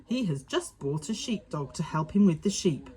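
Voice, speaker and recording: A woman reading a children's farmyard story aloud in a slow, sing-song telling. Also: lowish voice, big pitch swings, mellow, husky. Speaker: storybook narrator.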